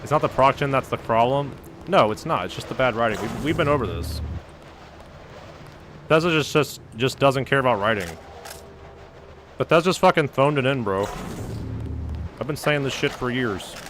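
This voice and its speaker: Male streamer, mid-pitched, swearing rants, faint noise behind. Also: animated, normal speed, long pauses. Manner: profane, ranting, heavy use of "like". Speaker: game streamer. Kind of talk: casual gaming stream rant.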